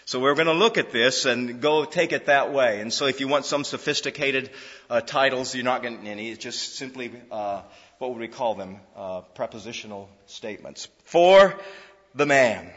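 A man's voice: medium pitch, normal speed, fairly bright tone. A man preaching an expository sermon, earnest and repetitive, often restarting his sentences. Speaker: pastor. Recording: dull hall reverb.

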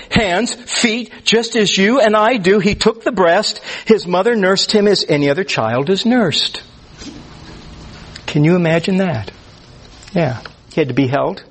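A man's voice: high-pitched, a bit bright, slight background noise. A man preaching a conversational sermon to a group, often restarting his words and rising sharply on key phrases. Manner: conversational, stammers on restarts, rises on emphasis. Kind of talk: sermon teaching. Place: church or class room with listeners.

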